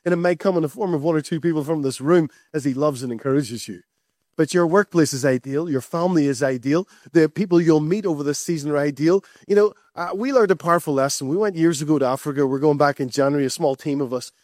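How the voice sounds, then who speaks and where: High-voiced preacher, emphatic and repetitive. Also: male voice, fast talker, a little mellow, no room sound, clean studio sound. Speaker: pastor. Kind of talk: sermon.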